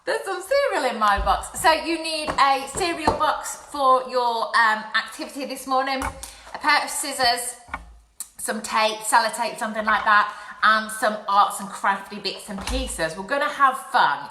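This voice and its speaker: A woman's voice: fairly high pitch, normal speed, bright, forceful tone, echoey room, a little hiss or hum, poor audio. A young woman presenting a live craft session for children from her home, chatty and apologetic. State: out of breath. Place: home, indoors. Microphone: phone or webcam livestream.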